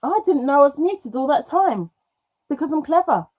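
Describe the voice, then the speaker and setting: A British woman hosting a craft livestream, chatting casually and reading comments aloud, self-mocking and quick to laugh, with an occasional cough. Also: high voice, animated, a little mellow. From United Kingdom. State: coughing now and then.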